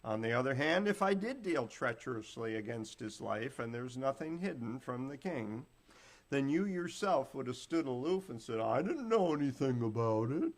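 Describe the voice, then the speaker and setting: A man's voice: mid-range voice, animated, moderate pace. A man preaching a Bible teaching sermon, retelling scripture in plain, folksy words and acting out the quotes.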